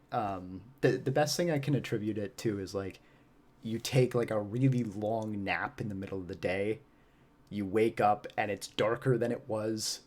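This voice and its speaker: A man's voice: fairly low pitch, darkish tone. A man who acts on stage, guesting on a podcast and chatting casually in a rambling, reflective way with plenty of fillers and laughs.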